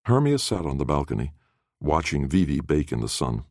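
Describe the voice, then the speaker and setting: A man narrates a fantasy audiobook with expressive, storytelling delivery. His voice sits very low yet moves with lively pitch swings. The recording is dry, with no room sound. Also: moderate pace, dry recording. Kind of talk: scripted narration.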